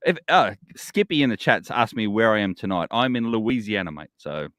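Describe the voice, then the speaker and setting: A man's voice: lowish voice, expressive, normal speed, fairly bright tone, no room sound, clean studio sound. A man with an Australian accent co-hosting a podcast, joking in a laid-back, chuckling way. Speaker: podcast co-host. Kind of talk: casual live podcast banter.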